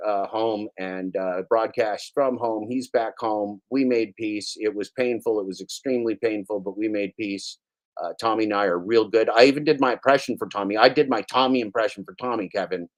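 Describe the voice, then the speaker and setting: A male streamer rants through his live-stream commentary, sarcastic and rambling. His delivery jumps from scoffing to storytelling without pause. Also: lowish voice. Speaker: streamer host.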